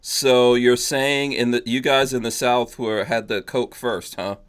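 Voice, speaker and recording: An easygoing man hosts a casual panel podcast, chuckling often as he steers the talk. His pitch sits in an ordinary middle range, and he reads shout-outs to his viewers from the chat. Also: fairly even intonation, unhurried, clean tone. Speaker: podcast host.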